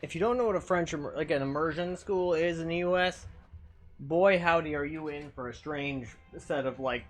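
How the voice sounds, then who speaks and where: A man streaming a game and chatting casually, swinging between mumbling and loud, swearing exclamations. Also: fairly high pitch, normal speed, soft background music.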